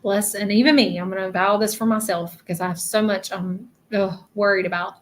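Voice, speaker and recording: A woman hosting a casual live stream, talking softly and haltingly with many fillers as she gives readings to viewers. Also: mid-range voice, steady tone. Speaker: psychic medium livestreamer.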